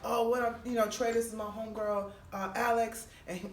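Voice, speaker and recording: A woman comedian telling a funny story in a lively, laughing way, acting out the people she quotes. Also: brisk. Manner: laughs often, acts out quotes with big pitch jumps. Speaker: comedian guest. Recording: echoey room, mic at a distance, faint noise.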